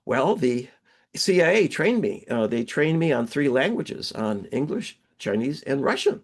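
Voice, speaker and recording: A man's voice: mid-range voice, sing-song, a little slow. A man voicing a talking male border collie who boasts of being a former spy, in a proud, chatty tone as part of a joke he tells. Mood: boastful.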